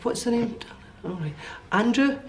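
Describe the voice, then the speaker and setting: A man working as a medium, giving a one-to-one reading in halting bursts with frequent checks like "okay?". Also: very high voice, lively intonation, a little hiss or hum. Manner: hesitant, relays messages in bursts with many okays.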